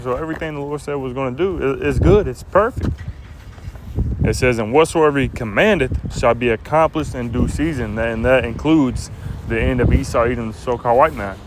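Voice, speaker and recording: A man preaching informally and reading scripture aloud, casual and halting, often ending lines with "man," recorded outdoors in a city. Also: medium pitch. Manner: casual, repeats "man" at line ends, halting fillers. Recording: loud wind and traffic noise outdoors.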